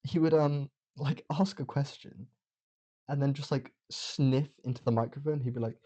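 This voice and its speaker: A man's voice: mid-range voice, steady tone, moderate pace, dark tone. A young man hosting a podcast alone, rambling sardonically with lots of fillers. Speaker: podcast host. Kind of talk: casual solo monologue. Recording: dull lo-fi sound.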